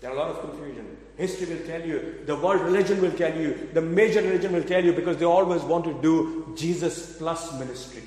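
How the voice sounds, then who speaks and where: A man's voice: a little high, brisk, few pauses, a little mellow. A man preaching a sermon, telling a story and asking his listeners questions in a conversational way. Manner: conversational, addresses audience with questions. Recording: echoey hall from afar.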